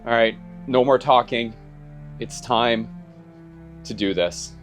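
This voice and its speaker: A man's voice: mid-range voice, slow pace, faint music behind. A young man in casual vlog talk, chatty and rambling, restarting his sentences when he gets flustered. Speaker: YouTuber.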